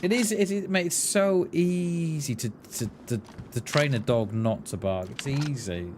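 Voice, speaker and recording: Streamer guy ranting, swears a lot, lively up and down delivery, faint hiss behind. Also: a little high, unhurried. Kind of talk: casual chat while gaming.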